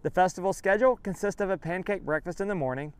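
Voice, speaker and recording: Smooth-voiced man hosting a town tour. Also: high-pitched, quick pace, dry recording. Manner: light self-mocking, slips and restarts. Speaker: real estate vlog host. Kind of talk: scripted tour narration. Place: outdoors by a railroad station.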